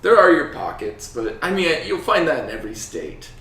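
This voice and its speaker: A man's voice: on the high side, big pitch swings, normal speed, bright, forceful tone. A young man co-hosting a casual podcast chat. He laughs often and sounds easygoing. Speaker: podcast co-host. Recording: roomy, distant mic.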